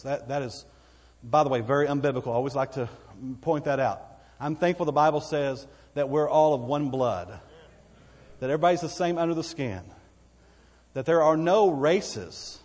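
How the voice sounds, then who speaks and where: A man from Texas with a fairly high pitch and darkish tone preaches in a church sanctuary. His sermon is conversational and folksy, and he asks listeners for amens; the sound carries long church hall reverb.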